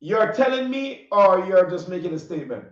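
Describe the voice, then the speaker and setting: A man with a Caribbean accent hosting a casual interview, animated, often laughing and repeating his questions. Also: high-pitched, moderate pace. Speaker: interview host. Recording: distant, roomy, dull audio.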